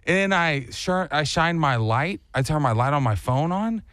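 A man co-hosting a morning show, chatting casually and acting out a story with lively voices and sounds. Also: on the high side, normal speed, dry recording, studio quality. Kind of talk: casual chat.

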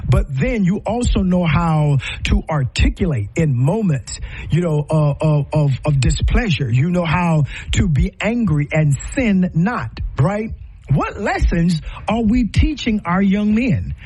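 A high-voiced man with a husky edge hosts a podcast, speaking with impassioned conviction. He talks like a preacher, piling up rhetorical questions and repeating phrases for emphasis. His pitch swings widely from phrase to phrase. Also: expressive, measured pace, darkish tone, low-quality recording. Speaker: podcast host. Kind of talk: impassioned commentary.

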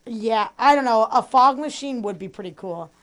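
A woman's voice: fairly high pitch, lively intonation, moderate pace, fairly bright tone. A young woman co-hosting a local sports radio show, teasing and giggling through casual banter.

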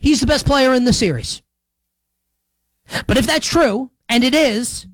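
A man hosting a sports talk show, giving opinionated commentary in a sarcastic, emphatic way, with big swings in pitch and pace. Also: unhurried, long pauses, dry recording.

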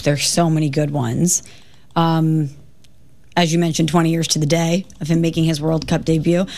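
A woman co-hosting a sports talk radio show, bantering with lively emphasis. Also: lowish voice.

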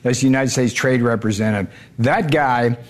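A man's voice: medium pitch, moderate pace. A man answering interview questions as a trade adviser, blunt and emphatic, often repeating words as he restarts.

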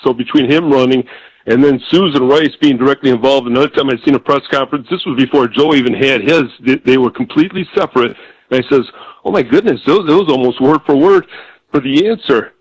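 A man from Michigan calls into a radio show and talks at length without pause. His delivery is rambling and packed with fillers and restarts, on a dry, close sound. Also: medium pitch, breathy edge, no room sound, low-quality recording. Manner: rambling, run-on, many fillers. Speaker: caller. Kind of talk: call-in radio talk.

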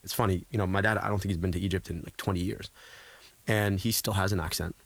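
A man's voice: sits low, steady tone, quick pace, gravelly, husky, no echo. A man in his thirties, a guest telling earnest, reflective stories in conversation, often restarting his sentences. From United States. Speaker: guest, former political candidate.

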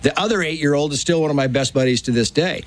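A man in his sixties with a high voice spins a personal story in casual talk. He acts out the people he quotes and keeps the telling animated. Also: quick pace. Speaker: author guest.

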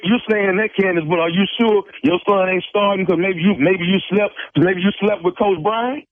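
A man making a prank phone call, talking in a slow drawl with stammering restarts. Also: high-pitched, steady tone, no room sound. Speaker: radio prank caller. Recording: tinny phone line.

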